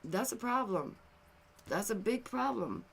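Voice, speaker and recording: A woman hosting a casual commentary video, animated and exasperated, swinging between loud outbursts and quiet, somber asides. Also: on the high side, a little slow, vocal fry, slightly rough.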